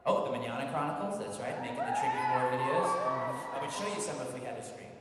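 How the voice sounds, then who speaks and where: A man's voice: medium pitch, fast, over a noisy crowd. A man, a voice actor, telling jokey stories at a convention Q&A panel in a large hall. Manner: animated, jokey storytelling. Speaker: voice actor guest. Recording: echoey hall, far from mic, noisy.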